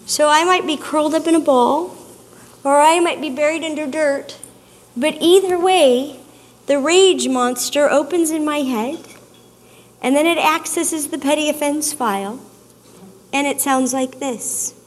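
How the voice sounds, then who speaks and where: A woman giving an expressive, storytelling talk to an audience, drawing out her emphasis. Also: sits high, a little slow. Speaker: speaker. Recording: long hall reverb.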